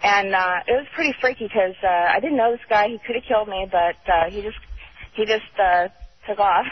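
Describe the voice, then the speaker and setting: A woman calling in to a radio show, telling her story haltingly with restarts. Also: medium pitch, slight background noise. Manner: halting, with restarts and nervous laughs. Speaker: caller. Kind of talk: phone-in story. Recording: muffled radio phone line.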